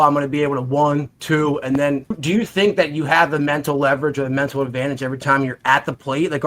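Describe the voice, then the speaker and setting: A man's voice: a little high, a bit bright. A man hosting a podcast, asking long rambling questions in a casual, buddy-like way. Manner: rambling questions, says "dude" a lot. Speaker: podcast host. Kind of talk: casual chat.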